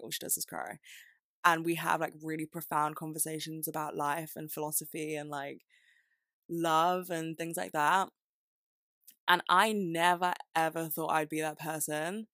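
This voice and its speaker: A woman's voice: low-pitched, a bit bright, dry recording, clean studio sound. A young woman hosting her own podcast, talking candidly and rambling, with self-deprecating asides and frequent laughs. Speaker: podcast host. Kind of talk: casual solo podcast chat.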